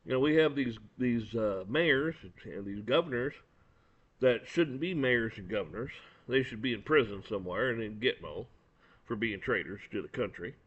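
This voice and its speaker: A man's voice: medium pitch, expressive, normal speed, fairly bright tone, breathy edge. Man ranting his opinions, blunt and cursing, on a lo-fi recording. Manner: blunt, profane, angry, repeats words. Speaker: commentator. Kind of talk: opinion rant. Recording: dull lo-fi recording.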